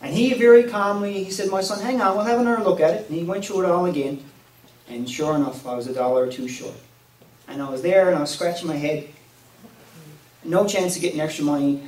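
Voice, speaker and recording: A middle-aged man with a Newfoundland accent telling a personal story to a live audience in a folksy, animated way, recorded at a community event. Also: fairly high pitch, fairly quick. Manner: folksy, warm-hearted, lively with laughs. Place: community hall at a Christmas event. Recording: echoey room, mic at a distance, faint noise.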